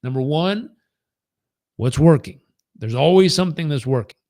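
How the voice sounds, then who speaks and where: A man's voice: a little high, lively intonation, moderate pace, dark tone, no room sound, clean studio sound. A middle-aged man with a slightly raised voice coaches a live training group. He talks earnestly and leans on emphatic repeated phrases, building his points in lists. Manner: earnest, storytelling, acts out quoted dialogue. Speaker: performance coach.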